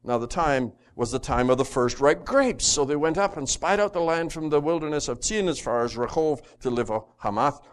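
Speaking at normal speed with hardly any pauses, a man with a slightly high voice teaches a Bible study, reading scripture aloud and putting questions to the class in a lively manner.

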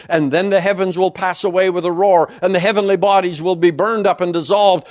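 A man delivers a sermon in a high voice at an unhurried pace. He reads scripture aloud and comments on it, his pitch swinging widely from high exclamations to low, quiet endings. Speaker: preacher.

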